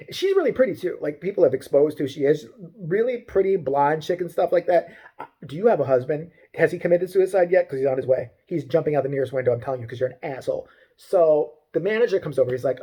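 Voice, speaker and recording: Fast, foul-mouthed ranting man. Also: on the high side, expressive, mellow, slightly rough. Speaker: vlogger. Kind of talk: profane comedic rant.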